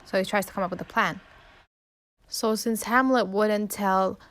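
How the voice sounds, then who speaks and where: A woman's voice: medium pitch, steady tone, moderate pace, fairly bright tone. A woman casually retelling a play's plot in slangy, breezy talk as a student presenter. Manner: slangy, breezy, voices quotes loosely.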